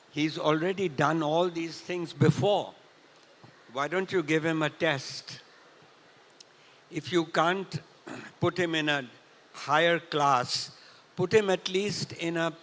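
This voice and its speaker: An older man from Punjab tells a story at a festival talk, often clearing his throat. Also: a little high, a bit bright. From India, Punjab. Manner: clears throat often, unhurried anecdotal retelling. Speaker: festival speaker. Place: large hall at a literature festival. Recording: reverberant hall.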